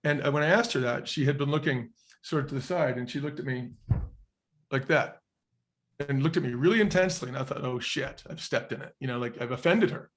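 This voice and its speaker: A man's voice: mid-range voice, a little fast, a bit bright. A middle-aged man, a guest on a podcast, telling a personal story in an earnest, reflective way and acting out the quotes. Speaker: interview guest, former restaurant chain executive.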